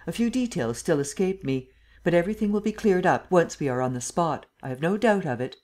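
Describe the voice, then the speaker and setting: A woman voicing a self-assured gentleman thief in an audiobook, polite and measured. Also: on the low side, lively intonation, natural voice. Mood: calm.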